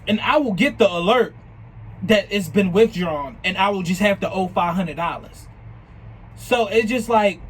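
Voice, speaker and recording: High-voiced young man telling a story. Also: a little hiss or hum, low-quality recording. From New Jersey. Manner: animated, profane, retelling chats with quoted lines. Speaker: vlogger. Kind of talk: casual storytime.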